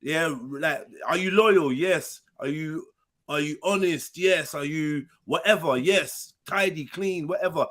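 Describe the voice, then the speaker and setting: A man talks in a fairly high voice, full of street slang and quick asides. He is hosting a casual panel discussion and speaks with animated conviction. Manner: animated, slang-heavy, acts out quoted voices. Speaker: panel host.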